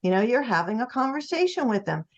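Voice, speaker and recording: A woman's voice: on the high side, big pitch swings, quick pace. A woman speaking as an author in a conversational interview, explaining emphatically and acting out the voices of other people. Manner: emphatic, acts out quoted voices while explaining. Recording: slightly muffled lo-fi audio.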